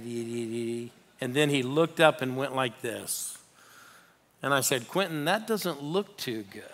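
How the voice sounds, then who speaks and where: A man's voice: fairly high pitch, fairly bright tone. A man preaching as a guest pastor in a church, telling a story and urging the congregation to respond. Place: church sanctuary.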